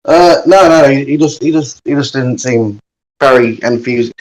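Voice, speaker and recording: A man chatting casually on a podcast, talking haltingly and repeating words as he goes. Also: medium pitch, poor audio.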